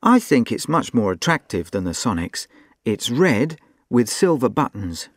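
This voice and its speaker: A man's voice: medium pitch, sing-song, measured pace, no room sound, studio quality. A man acting as a polite, helpful shop assistant and reporter in a scripted textbook dialogue.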